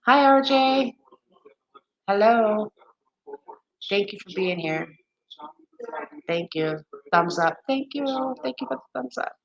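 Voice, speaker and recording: A woman in her forties or fifties chatting casually on a livestream, candid and blunt, swearing freely, talking straight to her viewers and acting out friends in high, exaggerated voices. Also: takes it slowly, pauses often, highs cut off. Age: 40s to 50s. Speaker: livestream host.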